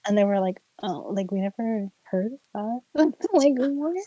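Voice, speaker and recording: A young woman streamer casually telling a ghost story, animated and giggly, full of "like" fillers. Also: mid-range voice, moderate pace, no echo, dull audio. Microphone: streaming mic.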